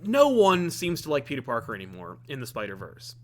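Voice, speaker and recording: A man's voice: mid-range voice, wildly swooping pitch, brisk. A man co-hosting a comic review podcast, talking casually in a rambling way with lots of fillers and restarts. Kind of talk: casual chat.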